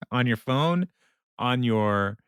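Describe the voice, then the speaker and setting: A man's voice: mid-range voice, fairly bright tone, smooth, no room sound, studio quality. Laughing, rambling man recapping a sitcom. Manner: rambling with many fillers, laughs often. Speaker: podcast co-host recapping a sitcom episode. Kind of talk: casual chat.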